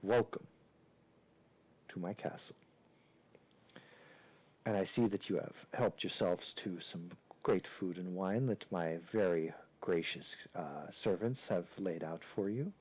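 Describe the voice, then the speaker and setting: A suave, courtly vampire lord, voiced by a man running a tabletop game. He speaks in a deep, low voice with formal phrasing and unhurried pauses, fatherly toward his guests. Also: a little mellow, breathy edge, heavily acted, poor audio.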